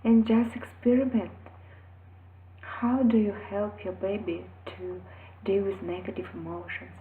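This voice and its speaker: Woman, mother, earnest advice, slow pace, roomy echo. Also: mid-range voice, level tone, slight background noise. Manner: earnest, emphatic storytelling. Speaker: parent sharing advice. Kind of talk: personal advice vlog. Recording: echoey, phone-like audio.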